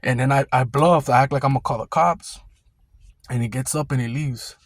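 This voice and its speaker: A man's voice: mid-range voice, a little fast, dry recording. Young guy, casual slangy storyteller, swears freely, mid-range voice, dry close sound. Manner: rambling, profane, street slang. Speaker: storyteller recalling a security job.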